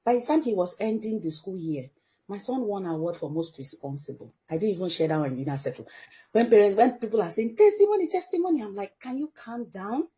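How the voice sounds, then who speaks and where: A middle-aged woman from Africa, a parent guest in an interview, telling a story with animated delivery and acting out the people she quotes. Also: mid-range voice, fast talker. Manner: animated storyteller who acts out quoted dialogue.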